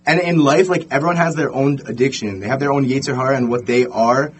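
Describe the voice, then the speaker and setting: A young man telling a story in a casual podcast chat, animated and full of fillers. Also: mid-range voice, quick pace, slight background noise.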